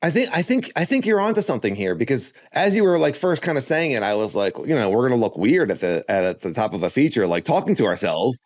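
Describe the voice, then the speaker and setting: A man's voice: medium pitch, very animated, fast, few pauses, darkish tone, no room sound. Guy cohosting a chill podcast, rambly and upbeat, kinda muffled dry mic. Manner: rambling, many restarts, upbeat. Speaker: podcast co-host. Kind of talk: casual podcast chat. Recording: slightly dull, dry sound.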